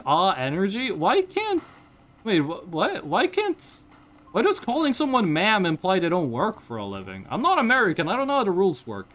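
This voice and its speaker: Lively woman streamer. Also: mid-range voice, normal speed. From Norway. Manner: animated, blunt, swears freely, laughs often. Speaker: VTuber streamer. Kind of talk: casual live-stream chat, reading chat.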